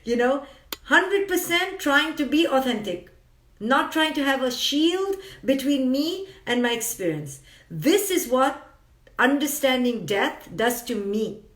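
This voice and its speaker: A woman's voice: sits high, big pitch swings, unhurried, a bit bright, reverberant, far from the mic. A woman psychologist giving an earnest, emphatic motivational talk on a live stream, repeating phrases for effect.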